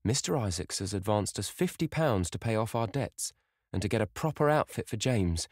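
A man's voice: on the low side, animated, normal speed, darkish tone, no room sound, pitched above the performer's own voice. Audiobook: male reader as a fretful middle-aged mother, insistent, voice lifted, dry sound. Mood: anxious.

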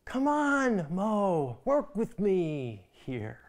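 A man's voice: sits high, wildly swooping pitch, extremely slow, heavily acted. A man voicing an exasperated male God who sighs and coaxes a reluctant follower with impatient urging. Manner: sighing, impatient, coaxing.

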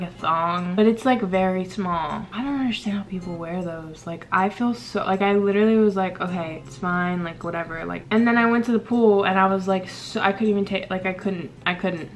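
A woman's voice: medium pitch, brisk, few pauses, slight background noise. A young woman vlogging casually to the camera, rambling and chatty with lots of fillers while doing her makeup at home. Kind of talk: casual vlog chat.

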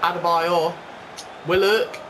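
A man's voice: high-pitched, takes it slowly, a crowd in the background. A man giving casual, sweary, exasperated commentary while playing a football video game. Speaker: gaming YouTuber. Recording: steady background noise.

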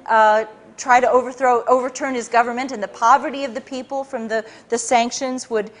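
High-voiced woman telling a story to an audience. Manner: animated, frequent restarts and repetitions. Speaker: public speaker giving a talk. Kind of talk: lecture-style storytelling to a live audience.

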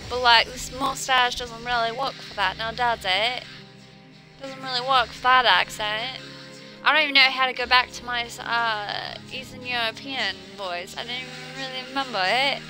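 A woman's voice: a little high, moderate pace, bright, forceful tone, faint music behind, low-quality recording. A woman streaming live, chatting playfully in a put-on mixed-accent voice and drawling her words. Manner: putting on a jokey mixed-accent mustache-man voice, drawling words. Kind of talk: playful casual stream chat.

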